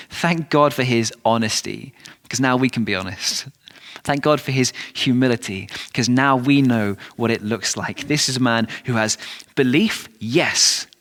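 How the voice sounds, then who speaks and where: A man's voice: mid-range voice, fairly bright tone. Earnest English preacher man. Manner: rhetorical questions, earnest and emphatic. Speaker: pastor. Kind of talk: sermon.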